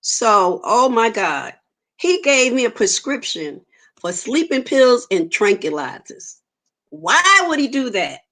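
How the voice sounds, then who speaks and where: A woman's voice: fairly high pitch, sing-song, slow pace, fairly bright tone. A woman, giving an earnest personal testimony in an interview and acting out the dialogue she quotes. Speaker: interview guest.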